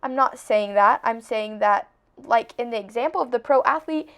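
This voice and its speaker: A woman's voice: on the high side, moderate pace, a bit bright, clean tone. A young woman hosting a podcast, talking earnestly and casually about her faith, with lots of "like" and restarts. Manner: chatty, earnest, heavy use of "like". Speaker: podcast host.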